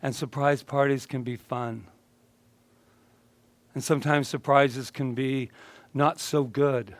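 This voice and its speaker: A man's voice: mid-range voice, fairly even intonation, slow, no room sound. A male minister giving a casual, joking sermon and chatting with his congregation. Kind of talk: conversational sermon.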